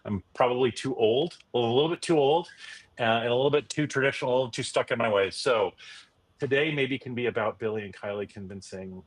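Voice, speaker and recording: A middle-aged man hosts a casual live stream, talking loosely with lots of fillers and restarts. His voice is medium-pitched and a little fast.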